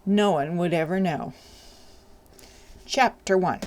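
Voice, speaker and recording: A woman's voice: medium pitch, a little slow, darkish tone. A woman author reading the opening of her novel aloud, with chatty, self-deprecating asides.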